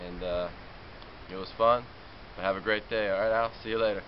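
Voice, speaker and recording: A man's voice: lowish voice, fairly even intonation, a little fast, reverberant, lo-fi sound. A young man, a missionary, talking in a laid-back, goofy way in casual video messages. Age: young adult. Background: guitar music.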